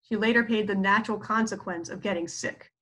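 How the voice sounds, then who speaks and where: A woman's voice: medium pitch, brisk, bright, forceful tone. A woman psychologist giving a casual lecture on therapy skills, chatty, with lots of fillers and acted-out quotes. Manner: chatty, many fillers and asides, acts out quoted speech.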